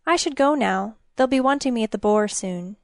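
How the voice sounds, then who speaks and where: A woman's voice: fairly high pitch, lively intonation, normal speed, vocal fry, no room sound, studio quality. A woman doing a teasing young village girl. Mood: playful. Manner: lilting, bright and teasing.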